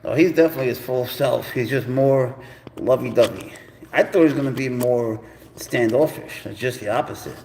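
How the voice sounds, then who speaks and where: Gravelly-voiced man coaxing his pet cat. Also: medium pitch, normal speed, darkish tone, a little hiss or hum. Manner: coaxing, playful talk to the cat, calls it bro and buddy. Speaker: pet owner and channel host. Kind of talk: casual live-stream chat with his pet cat.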